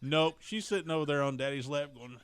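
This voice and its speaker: A man, co-hosting a morning radio show and telling stories with animated laughter. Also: fairly high pitch, a little fast, smooth. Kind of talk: casual radio banter.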